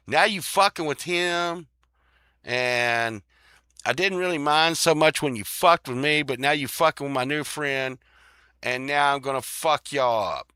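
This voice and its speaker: Man putting on a high, strained voice for a fed-up cartoon ghost boy, profane and defiant. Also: pushed and bright, smooth, dry recording, studio quality.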